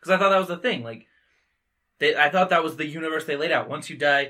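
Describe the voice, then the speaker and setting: A man co-hosting a podcast, chatting casually about a film in an animated, jokey way with some swearing. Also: on the high side, fast talker. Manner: animated, jokey, swears, swings loud and quiet. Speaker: podcast co-host. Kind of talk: casual movie discussion.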